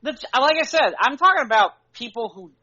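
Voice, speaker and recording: A man's voice: very high voice, lively intonation, brisk, pushed and bright. A man co-hosting a podcast in casual chat, candid and conversational, peppering his talk with "you know". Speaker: podcast co-host. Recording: dull lo-fi podcast audio.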